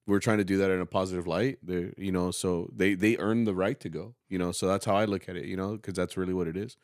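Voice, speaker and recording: Casting note: man, low voice, dry close mic, relaxed podcast host who directs school music and slips into Spanish. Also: fast, no echo. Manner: relaxed, rambling, laughs often, mixes in Spanish. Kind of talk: casual podcast chat.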